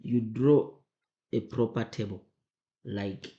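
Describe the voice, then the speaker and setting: A man's voice: fairly low pitch, steady tone, takes it slowly, warm tone, lo-fi sound. A man, a teacher talking students through an exam memo, emphatic, repeating his points and firing rhetorical questions at them. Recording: roomy echo.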